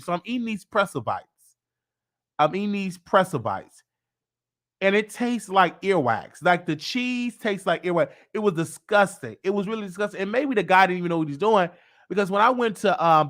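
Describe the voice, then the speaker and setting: On the high side with a fairly bright tone, a man hosting his show spins out a long, meandering tale. Repeats and restarts are frequent, and he alters his voice to quote other people.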